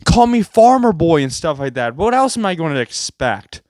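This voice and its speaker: A man's voice: very animated, normal speed, a little mellow, dry recording, clean studio sound. A man delivering a sarcastic, rambling comedic rant to his viewers. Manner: sarcastic, rambling, jumpy pitch. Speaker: vlogger.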